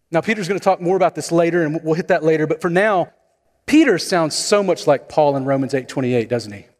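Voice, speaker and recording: A man preaching, his voice pitched high for a man. He talks to the congregation in a conversational way, mixing scripture with easygoing stories. A long reverb trails his words, as in a large sanctuary. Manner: conversational preaching with storytelling asides. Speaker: pastor. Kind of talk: sermon.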